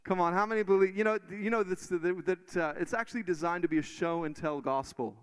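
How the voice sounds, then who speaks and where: A man preaching in church and telling testimonies in an animated way, full of restarts. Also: high voice, quick pace, smooth. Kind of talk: sermon testimony. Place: church stage.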